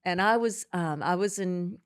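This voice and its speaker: A middle-aged woman, a podcast guest, speaking haltingly and emotionally in an interview, with many restarts. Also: fairly low pitch, smooth.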